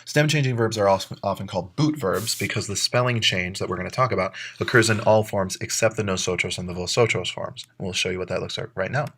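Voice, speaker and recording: A deep-voiced man narrates a recorded grammar lesson as a Spanish teacher. He moves methodically through verb endings, spelling out letters and pairing each example with its translation. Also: quick pace, few pauses, fairly bright tone, breathy edge.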